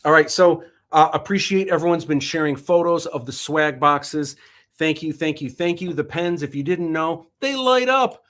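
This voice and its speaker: Male livestream host, slightly higher voice, chatty storyteller. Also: moderate pace. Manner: chatty, animated storytelling with acted quotes. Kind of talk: casual chat.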